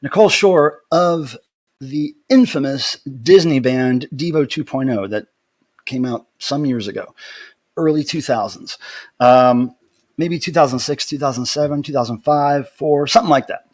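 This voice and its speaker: A chatty man hosts a casual livestream from his home, greeting viewers by name as he goes. His talk rambles, full of asides and easy enthusiasm, and his voice sits at an ordinary middle pitch. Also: moderate pace, a little mellow. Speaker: livestream host.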